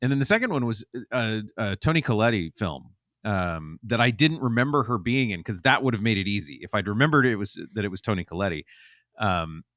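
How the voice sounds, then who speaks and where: A man's voice: fairly low pitch, expressive, fairly quick, fairly bright tone, dry recording, clean studio sound. A man chatting as a podcast guest, rambling with lots of ums and restarts. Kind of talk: casual chat.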